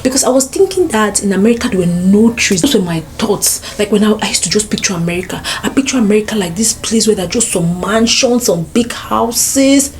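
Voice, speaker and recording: A young woman with a Cameroonian accent, telling stories to camera in a casual sit-down vlog, lively and full of exclamations. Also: medium pitch, fairly quick, few pauses, slight background noise. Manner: animated, exclamations and playful asides. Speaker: vlogger. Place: sit-down room at home. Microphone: camera mic.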